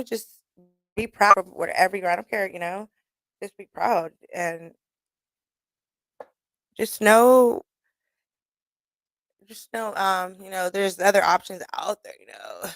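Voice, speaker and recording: Woman radio host, mid-pitched, casual and profane, laughing often, dry close sound. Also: fairly bright tone, dry recording. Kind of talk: casual monologue. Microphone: studio mic.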